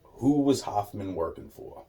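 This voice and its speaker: Rambling man with a dark mellow voice. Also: fairly low pitch, lively intonation, unhurried, a little hiss or hum. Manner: meandering, heavy swearing, trailing off into repeated fillers. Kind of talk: rambling personal storytelling.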